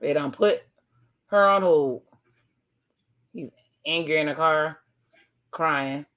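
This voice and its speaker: A woman's voice: low voice, slow, fairly bright tone. Lady doing a show reaction, retelling scenes and going oh my gosh a lot, casual and chatty. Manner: chatty, narrates scenes aloud with exclamations. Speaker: reaction video host.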